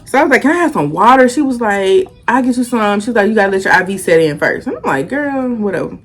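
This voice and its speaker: Husky young woman telling a story. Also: mid-range voice, fast talker. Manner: animated storyteller acting out quotes. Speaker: vlogger. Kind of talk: casual storytime.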